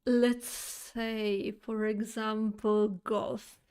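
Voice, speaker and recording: Speaking extremely slowly, a woman streamer chats casually with her viewers about a nightmare, rambling with fillers, restarts and giggles. Her voice is on the high side, smooth and a little mellow, with little pitch movement.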